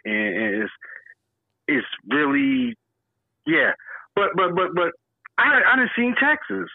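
A man co-hosting a podcast in casual chat, animated and exclaiming, swearing casually and laughing often. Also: high-pitched, takes it slowly, creaky, long pauses, breathy edge, no room sound. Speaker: podcast co-host. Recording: dry, phone-like thin sound.

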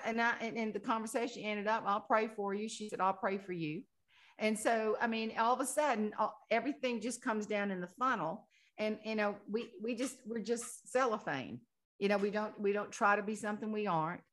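Lively Southern woman telling folksy stories. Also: medium pitch, brisk. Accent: Southern American. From Southern United States. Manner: animated, folksy, laughs through stories. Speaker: author and guest. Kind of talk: casual storytelling interview.

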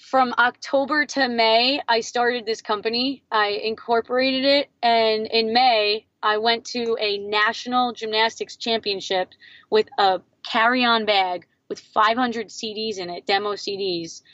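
A woman in her thirties, a guest on an interview podcast, telling her story in a lively way and acting out what others said. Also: measured pace, no room sound, highs cut off. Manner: animated, acts out quotes in a higher voice. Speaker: guest, entrepreneur.

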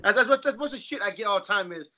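Man, laid-back cosplayer, casual chat, bright slightly high voice, frequent swearing. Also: rapid-fire, highs cut off.

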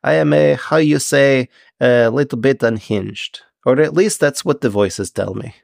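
Male GM playing a slow, stilted fish-man prisoner, mid-pitched, dry close sound. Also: gravelly, darkish tone, no room sound. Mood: earnest. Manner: stilted formal speech without contractions, slow.

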